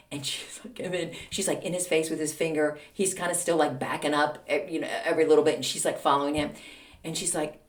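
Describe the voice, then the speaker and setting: A middle-aged woman hosts a podcast and tells stories in a lively, chatty way. Her voice sits a little low, and her asides to the listeners sound casual. The room around her is echoey. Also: fast talker. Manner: animated, chatty, addresses listeners as "people". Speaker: podcast host. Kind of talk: casual anecdotal storytelling.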